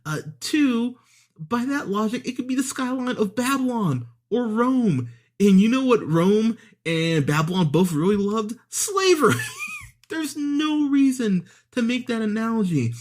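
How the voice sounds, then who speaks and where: A man's voice: very high voice, animated, a little slow, a little mellow. A man ranting through a sarcastic, profane movie review on a podcast, with exasperated asides and mocking impressions.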